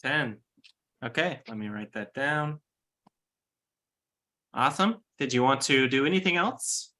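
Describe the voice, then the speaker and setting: Bright-voiced man running the game. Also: medium pitch, animated. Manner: brisk, matter-of-fact rulings. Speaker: game master.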